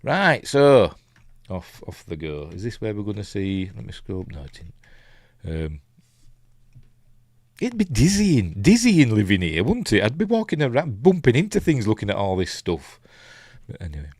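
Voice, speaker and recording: A man's voice: fairly low pitch, huge pitch swings, moderate pace, darkish tone, no room sound, studio quality. A man with a Yorkshire accent hosting a casual live film commentary, rambling and hesitant with lots of ums and restarts, chuckling at his own asides. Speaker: film reviewer hosting a live watch-along.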